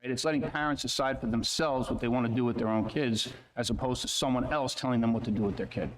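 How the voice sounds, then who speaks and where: A man's voice: medium pitch, slight background noise. A man at a school board meeting, arguing his position insistently and repeating his points. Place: meeting room.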